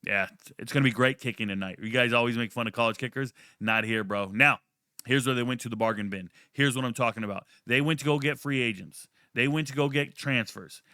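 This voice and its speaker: A man's voice: smooth, no echo, clean studio sound. Brash, profane man hyping sports picks. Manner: brash, profane, hyped-up trash talk; boastful, swings from low mutter to loud high outbursts. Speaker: sports betting analyst. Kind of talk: casual sports prediction talk.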